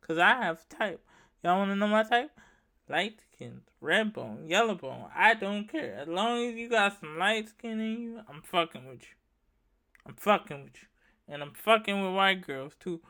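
A man's voice: high-pitched, expressive, a little slow, pushed and bright. A young man doing stand-up comedy, telling rambling, profane stories and repeating his punchlines.

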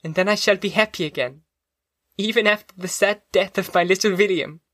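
A man's voice: high-pitched, fairly quick, pushed and bright, dry recording, studio quality, pitched above the performer's own voice. A man voicing an earnest, grieving young woman in an audiobook reading, her lines pleading and emotional.

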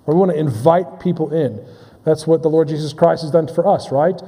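A pastor preaches a sermon in a fairly high, mellow, husky voice. He is halting, restarts phrases, repeats words and asks the congregation questions, all under the long reverb of a large hall.

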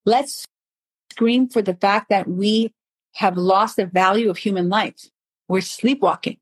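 A woman guest on a podcast, talking in an emphatic, animated storytelling way about faith. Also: medium pitch, unhurried, breathy edge, dry recording, poor audio. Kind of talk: passionate podcast conversation.

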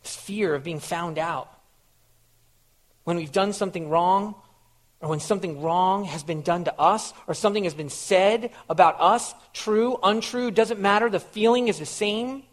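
A man's voice: high voice, normal speed. A male pastor preaching a sermon in an earnest way, repeating phrases and putting questions to his listeners.

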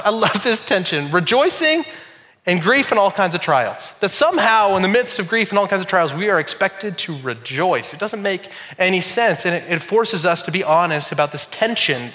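A middle-aged man preaching a sermon as pastor, telling stories with animated, shouted quotes. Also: fairly high pitch, normal speed.

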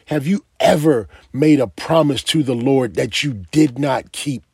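A man's voice: medium pitch, moderate pace, few pauses, warm tone, slightly rough, dry recording, clean studio sound. A man preaching a sermon, emphatic and asking his listeners direct questions.

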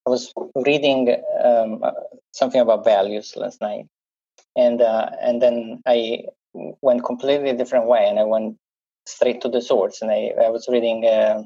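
A man with an Italian accent answers on a podcast panel, halting and full of fillers. His voice is mellow and fairly level in pitch. The recording sounds dull and lo-fi. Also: flat delivery, slightly rough. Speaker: panel guest.

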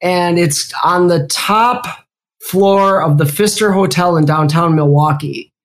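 A woman with a Midwestern American accent, chatting casually as an interview guest, quick and rambling with fillers. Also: lowish voice. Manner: chatty, talks in bursts with fillers. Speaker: guest, security executive.

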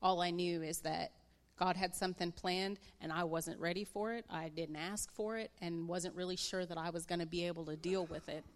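A woman in her thirties with a slightly low voice shares her personal testimony. She tells it candidly, with emotion close to the surface. She speaks to a church audience. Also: fairly even intonation, normal speed. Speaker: guest speaker.

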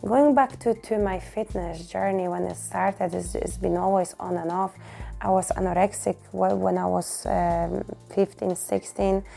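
A woman hosts her own podcast and speaks candidly and emotionally about her life. Her voice is mellow and gravelly, with frequent restarts and repeated words. Soft music plays faintly behind her. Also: lowish voice, steady tone, unhurried. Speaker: podcast host and fitness coach. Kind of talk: personal podcast monologue.

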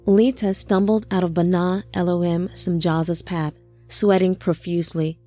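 A woman narrating a dark fantasy audio drama in a slow, measured read. Her voice sits on the low side, and each sentence is delivered with deliberate, even care. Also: faint music behind.

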